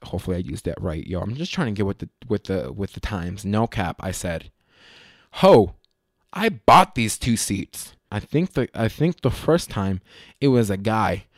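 A young man hosting a podcast, telling a comedic story in a casual way. He swears often, talks in an animated way and mocks himself. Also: on the low side, normal speed, dry recording, clean studio sound. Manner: profane, animated, self-mocking. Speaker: podcast host.

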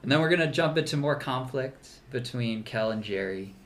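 A man's voice: mid-range voice, animated, normal speed. Guy cohosting a recap podcast, easygoing chatter, lots of um and like, laughs a bunch. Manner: laughs often, many fillers and restarts. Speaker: podcast co-host. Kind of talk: casual chat recapping a show.

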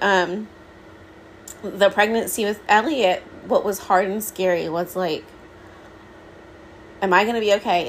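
A woman's voice: medium pitch, slight background noise, poor audio. A woman in her thirties hosting a solo podcast, talking candidly and casually with many "like" fillers. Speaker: podcast host.

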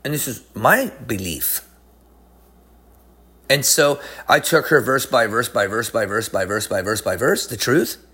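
A man preaching a sermon, emphatic, swinging between high excited lines and low hushed ones. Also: unhurried.

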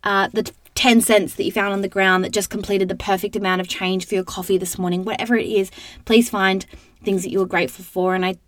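A woman's voice: medium pitch, little pitch movement, brisk, no room sound. A young woman hosting a podcast, talking in a chatty, upbeat, motivational way. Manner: chatty and upbeat, full of "like" and "you know". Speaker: podcast host. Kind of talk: casual motivational podcast monologue.

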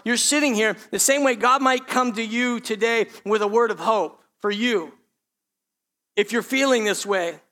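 Male pastor, high-pitched, emphatic sermon delivery with loud and hushed swings.

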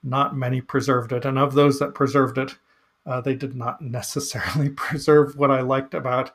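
A man's voice: medium pitch, little pitch movement, a bit bright. Man reading scripture, then musing aloud. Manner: measured reading, then hesitant musing with many fillers. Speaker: podcast host reading psalms. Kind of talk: scripture reading and casual commentary.

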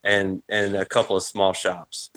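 A man's voice: deep voice, level tone, measured pace, fairly bright tone. Man narrating as game master.

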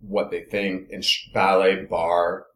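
A man's voice: low-pitched, level tone, takes it slowly, fairly bright tone, roomy sound, slight background noise. A man from Los Angeles, a dance company director, explaining his product in a casual interview chat, enthusiastic and step by step.

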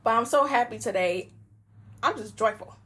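A woman with a high, slightly breathy voice talks casually about her faith. She is joyful and preachy, laughs often and rambles from one thought to the next. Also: normal speed, fairly bright tone. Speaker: Christian woman sharing testimony.

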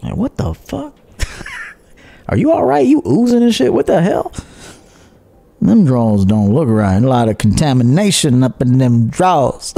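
A man's voice: medium pitch, very animated, unhurried, creaky, pauses often, mellow. A man hosting a livestream dating-advice show in a brash, profane, joking manner, reading out viewer donations. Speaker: podcast host and dating coach. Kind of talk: casual livestream monologue.

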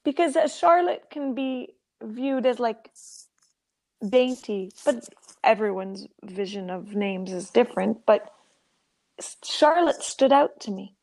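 A woman's voice: fairly high pitch, expressive, slow. A woman co-hosting a podcast, chatting with a friend and thanking listeners sincerely. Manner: warm, sincere, laughs along. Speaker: podcast co-host. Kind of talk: casual chat, then heartfelt sign-off.

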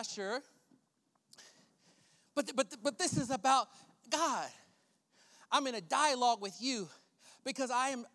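A male pastor preaching a sermon, swinging between loud emphatic preaching and hushed, prayerful murmurs. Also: very high voice. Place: church sanctuary. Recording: long church hall reverb.

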